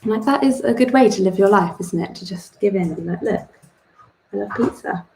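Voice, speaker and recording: Chatty young woman with a gravelly voice. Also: mid-range voice, fast talker, dark tone, slight background noise. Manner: rambling and self-deprecating, laughs at herself. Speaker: art club host. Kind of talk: chatty drawing tutorial. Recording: echoey room.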